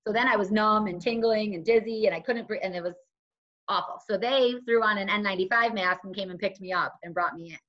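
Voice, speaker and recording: A woman's voice: mid-range voice, quick pace. A woman, a guest on a conversational show, telling her own story casually and acting out what other people said to her. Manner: animated, acts out other people's lines. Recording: dull lo-fi recording.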